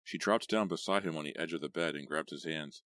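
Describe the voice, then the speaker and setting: A man reading a horror audiobook in a measured, steady way. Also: extremely low pitch, dry recording, clean studio sound. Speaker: audiobook narrator. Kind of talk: scripted horror audiobook narration.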